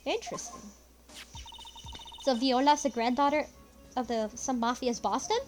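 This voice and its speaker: A woman's voice: high-pitched, moderate pace, faint music behind, lightly acted. A woman reading the lines of an earnest young male defense lawyer in a fan voice-over of a game, thoughtful and questioning.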